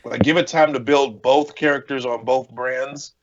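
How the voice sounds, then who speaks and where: A man co-hosting a casual wrestling podcast, giving frank, measured opinions. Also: mid-range voice, fairly even intonation, highs cut off. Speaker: podcast co-host.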